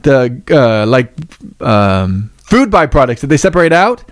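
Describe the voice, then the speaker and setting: A man's voice: mid-range voice, very animated, a little slow, no room sound. A man co-hosting a casual podcast, a laid-back storyteller with dry humor. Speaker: podcast co-host.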